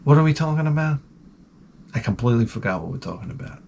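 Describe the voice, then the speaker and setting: A man in his forties hosts a loose, casual monologue, rambling and crude. He mocks himself freely and swings into loud, animated retellings of his own stories. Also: medium pitch, quick pace, vocal fry, a little hiss or hum. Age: 40s. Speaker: host.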